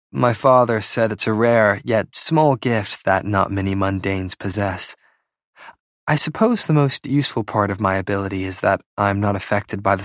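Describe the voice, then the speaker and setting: A man putting on a sharp-tongued young woman. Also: no room sound, studio quality. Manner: raised pitch, cool and challenging.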